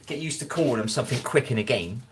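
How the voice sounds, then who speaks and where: A man's voice: mid-range voice, lively intonation, fast talker, heavy background noise. Tired chatty West Country man. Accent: West Country English. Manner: rambling, chatty, reads chat names aloud. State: tired after little sleep. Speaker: livestream host. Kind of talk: casual livestream chat. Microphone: phone.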